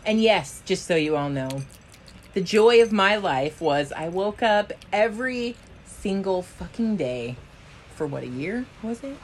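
A woman in her thirties co-hosting a casual podcast, animated and jokey, acting out quotes and swearing freely. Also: mid-range voice, measured pace, a little hiss or hum. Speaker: podcast co-host. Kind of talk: casual chat.

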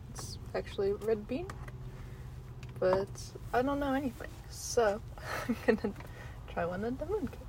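A woman's voice: mid-range voice, background noise. A young woman giving a casual, rambling food review while eating, chatty and giggly with many ums. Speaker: vlogger.

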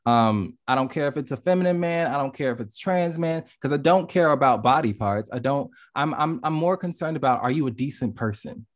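Candid, expressive man. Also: medium pitch, fairly quick, hardly any pauses. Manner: candid, expressive, swears freely. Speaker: podcast guest. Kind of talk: casual discussion.

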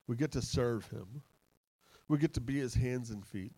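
A man preaching a sermon in a church, impassioned and excitable, laughing as he goes. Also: mid-range voice, normal speed, husky, no room sound, rough recording. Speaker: pastor.

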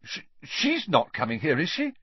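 A man's voice: mid-range voice, moderate pace, breathy edge, no room sound, natural voice. A man voicing a resentful teenage boy who answers bitterly through gritted teeth. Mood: alarmed. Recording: dull, dry recording.

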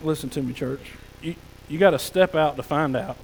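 A male pastor preaches in a high, folksy voice. He often drops to a soft hush. His words ring out with a long reverb through the church. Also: moderate pace, gravelly, slight background noise. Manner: folksy preaching, drops to soft hushed tones for God's whispers. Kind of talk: sermon. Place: church sanctuary.

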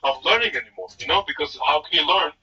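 Fast-talking man on a muffled, distant mic. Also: a little high, a crowd in the background. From northeastern United States. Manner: animated, laughs often, repeats "you know what I mean". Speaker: podcast co-host. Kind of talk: casual chat.

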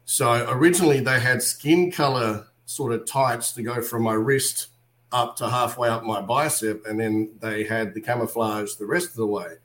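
An Australian man, a wrestler and actor, telling animated stories in a casual interview and acting out other people's lines as he goes. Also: medium pitch, normal speed.

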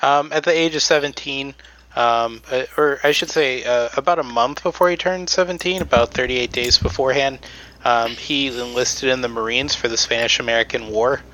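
A man's voice: mid-range voice, moderate pace, bright, forceful tone, rough recording. A man on a podcast presenting research in casual chat, with many ums and restarts.

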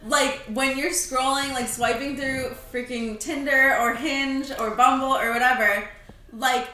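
A woman's voice: high-pitched, fairly even intonation, unhurried, pushed and bright. Chatty young woman in an echoey room. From California. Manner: chatty, laughing, storytelling. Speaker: podcast co-host. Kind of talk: casual chat.

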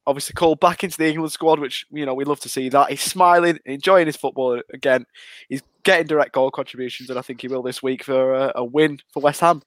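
A man's voice: medium pitch, fairly even intonation, fast, dry recording. A man on a podcast panel explaining his picks at length, with plenty of fillers. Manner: talks at length, with many fillers. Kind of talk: casual chat.

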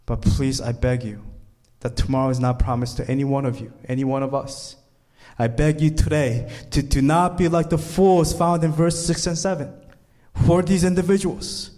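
A man's voice: mid-range voice, darkish tone. A male pastor preaching a sermon, reading scripture aloud and driving points home with emphatic rises.

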